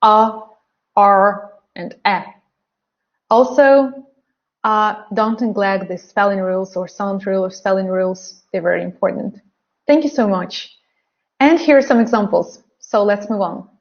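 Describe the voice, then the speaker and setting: A woman teaching English pronunciation in an online webinar, slowly exaggerating sounds and reading practice sentences for learners to repeat. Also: mid-range voice, highs cut off. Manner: slow, carefully exaggerated pronunciation drills.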